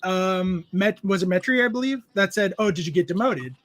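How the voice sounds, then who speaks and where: A man hosting a casual group chat on a stream, an animated storyteller who laughs often and swears freely. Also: high-pitched, moderate pace, dry recording. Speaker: stream host.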